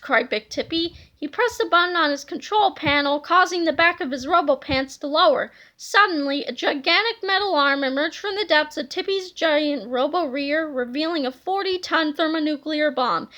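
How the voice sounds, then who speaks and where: A woman reading a children's book aloud with lively, expressive storytelling. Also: high-pitched, normal speed. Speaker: reader.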